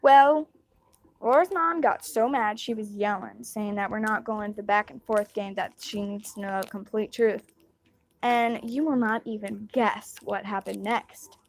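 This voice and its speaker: A woman's voice: mid-range voice, fairly even intonation, unhurried, gravelly. A young woman casually telling a personal story, rambling and acting out what others said. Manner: rambling, retelling dialogue with quoted voices.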